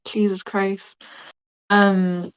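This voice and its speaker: A woman taking part in a tabletop role-play, speaking hesitantly with frequent stammers. Her voice sits at a middle pitch. The recording is dull and lo-fi. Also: flat delivery, extremely slow, clear, resonant tone. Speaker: player. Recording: dull lo-fi mic.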